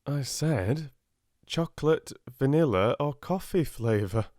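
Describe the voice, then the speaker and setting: A footloose middle-aged father, mild and wry, voiced by a male narrator. His delivery is unhurried but lilting. The sound is dry and intimate. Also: mid-range voice, lively intonation, darkish tone, no echo, voice pushed up. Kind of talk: audiobook character voice.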